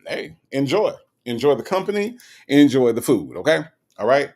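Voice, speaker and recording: A man hosts a laid-back livestream, reading out viewer comments as they come in. His voice swings widely up and down and sits at an ordinary pitch. He talks in a teasing way and keeps checking in with his audience. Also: moderate pace. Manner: animated and teasing, with many "okay?" asides. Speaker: livestream host. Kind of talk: casual commentary, reading chat aloud.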